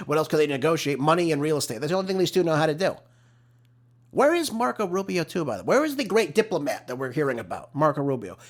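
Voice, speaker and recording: Male talk host, lively pitch, exasperated rant, close mic. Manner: emphatic, exasperated, ranting. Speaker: political talk show host. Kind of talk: opinionated solo commentary.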